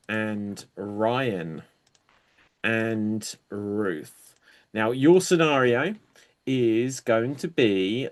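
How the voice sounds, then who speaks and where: A man hosting an online improv show in an easygoing way, calling out games and new styles for the players. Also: mid-range voice. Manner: slow, easygoing, calls games.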